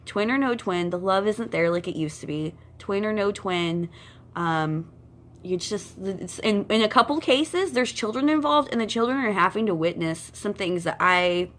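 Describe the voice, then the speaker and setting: A woman's voice: medium pitch, expressive, moderate pace, a bit bright, slight background noise. A woman giving twin flame psychic advice to her viewers, talking bluntly and emphatically, repeating her points and addressing them directly. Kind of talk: casual spiritual advice monologue.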